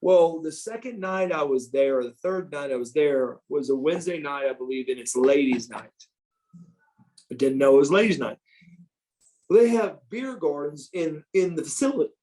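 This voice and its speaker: A man in his fifties from the United States, spinning profane, animated tales as a podcast guest. His voice sits a bit higher than most men's. He stumbles and restarts as the stories tumble out. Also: moderate pace, rough recording. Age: 50s. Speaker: guest, former pro wrestler. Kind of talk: storytelling in a podcast interview.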